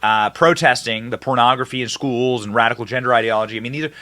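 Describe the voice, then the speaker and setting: A man's voice: medium pitch, pushed and bright. A man hosting a political commentary podcast, speaking sarcastically and mockingly, jumping between emphatic points and muttered asides.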